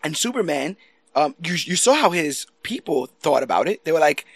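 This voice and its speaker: A man chatting casually about movies, animated and laughing often, swearing now and then. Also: on the high side, moderate pace, slightly rough, no room sound.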